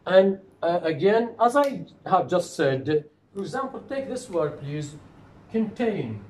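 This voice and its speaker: A man giving a recorded phonetics lecture, slow and deliberate, repeating example words to model their pronunciation. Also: high-pitched, very animated, slight background noise, low-quality recording.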